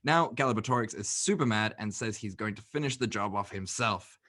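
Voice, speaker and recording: A man co-hosting a movie podcast, recapping a film plot in casual, animated chat and swearing freely. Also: lowish voice, brisk. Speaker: podcast co-host.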